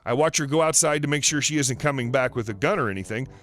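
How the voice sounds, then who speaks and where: A man narrating online stories aloud, reading quotes in a plain, even way. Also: medium pitch, quick pace.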